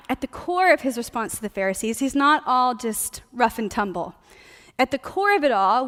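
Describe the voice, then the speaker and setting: A woman preaching a sermon in a casual, playful, conversational teaching manner. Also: a little high. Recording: long hall reverb.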